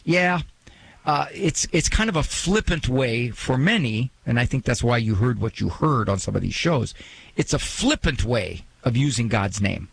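A man hosting a call-in radio advice show, talking to a caller in a gentle, pastoral way with many restarts. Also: mid-range voice, animated, normal speed, vocal fry, husky, poor audio.

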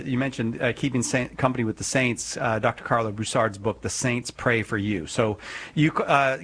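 A man's voice: medium pitch, fairly bright tone. A man hosts a live call-in radio program. He chats easily and jokes with guests and callers. His talk is loose and conversational. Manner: chatty, joking, reads out phone number. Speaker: radio call-in show host.

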